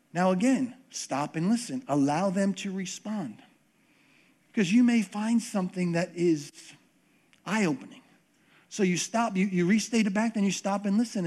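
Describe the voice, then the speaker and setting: A pastor preaching a conversational sermon, often repeating words and acting out what people say. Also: male voice, high voice, expressive, measured pace.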